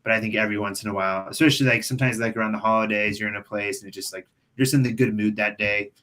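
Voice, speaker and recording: A man who cleans windows, co-hosting a podcast in relaxed casual chat and asking his partner questions. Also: on the low side, very fast. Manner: relaxed, asks questions, laughs along.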